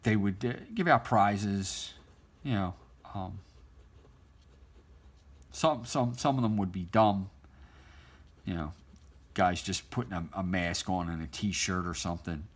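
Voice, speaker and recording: A middle-aged man with a fairly low voice tells an old story while he draws. He rambles and restarts, and he laughs often as he talks. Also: takes it slowly, long pauses. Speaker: artist drawing on stream. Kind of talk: casual storytelling while drawing.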